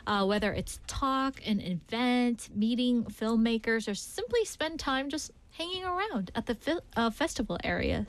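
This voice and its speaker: A fairly high-voiced woman hosts a radio talk show. She keeps the conversation going in a chatty way and fills her guest's pauses with steady murmured "mm" and "mm-hmm" sounds. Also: low-quality recording. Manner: chatty, with constant murmured backchannels. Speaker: radio host.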